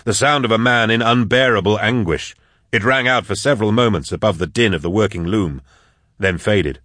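Male audiobook narrator, measured read, low voice, dry close sound. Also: a bit bright, no echo. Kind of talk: scripted narration.

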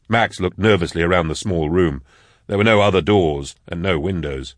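A man narrating an audiobook chapter in a measured storytelling manner. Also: low-pitched, no echo, clean studio sound. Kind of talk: scripted narration.

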